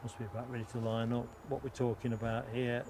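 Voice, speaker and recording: This host from England talks fast with a flat delivery and medium pitch during a casual outdoor stream by an airport. He jokes around with viewers and reads their chat names out, while background noise stays clearly audible.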